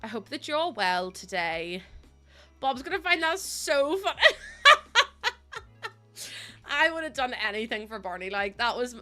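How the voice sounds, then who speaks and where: A woman's voice: mid-range voice, pushed and bright. A young woman live streaming, chatty and giggly as she greets viewers, sounding sniffly and close to tears. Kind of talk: casual live-stream chat.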